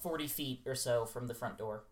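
A man running a tabletop role-playing game, describing scenes in a relaxed way with plenty of filler words. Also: mid-range voice, moderate pace. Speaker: game master.

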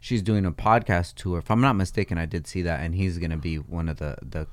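A man in his thirties hosting a podcast, joking and reacting quickly in casual chat. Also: deep voice. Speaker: podcast host.

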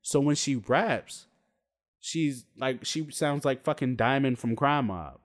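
A man's voice: medium pitch, slow. Blunt, profane young man ranting. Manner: blunt, profane, animated storytelling. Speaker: vlogger. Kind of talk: casual opinion rant to camera.

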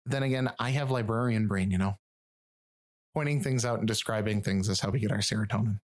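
A man's voice: lowish voice, brisk. A man from rural Michigan who drops his final G's and D's, hosting a podcast in wry, swearing, self-mocking casual chat. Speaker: podcast host and researcher.

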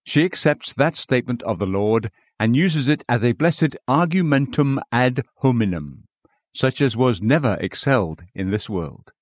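A man reading a sermon aloud in measured, formal, old-fashioned preaching language. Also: medium pitch, no echo, clean studio sound. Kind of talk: read sermon.

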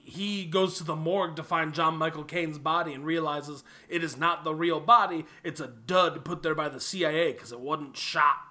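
A man's voice: fairly high pitch, steady tone, normal speed, hardly any pauses, sharp tone. A man from Illinois in casual podcast chat, joking and recapping a film plot. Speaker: podcast co-host.

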